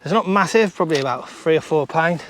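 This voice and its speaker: A British man giving chatty running commentary to viewers while fishing on a beach, excitable and talkative. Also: fairly high pitch, fast, slight background noise. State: out of breath. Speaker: fishing vlogger and coach. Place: outdoors on a beach. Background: faint outdoor ambience.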